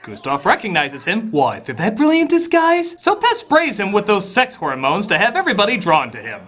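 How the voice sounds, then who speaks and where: A man narrating a comedy film review in a sarcastic, exasperated tone, his voice sitting fairly high. His pitch swings wildly from low mutters to high shouts. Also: wildly swooping pitch, moderate pace.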